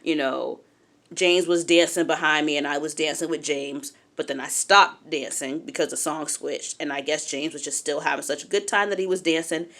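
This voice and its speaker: A woman's voice: low voice, moderate pace. A young adult woman telling a personal story in a casual, candid way, acting out what others said. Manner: animated, candid, acts out quotes.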